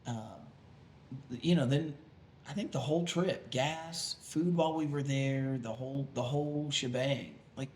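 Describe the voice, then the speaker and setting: A man's voice: medium pitch, measured pace. A man, co-hosting a podcast and chatting casually, full of fillers and restarts. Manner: rambling, many fillers and restarts. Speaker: podcast co-host, pastor. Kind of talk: casual chat. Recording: echoey room with faint noise.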